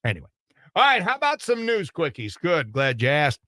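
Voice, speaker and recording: A man's voice: fairly high pitch, huge pitch swings, a little fast, bright, forceful tone, dry recording. An older man hosting a radio show from the studio, running through joke-filled news bits with a wisecracking delivery. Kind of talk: morning radio comedy chat.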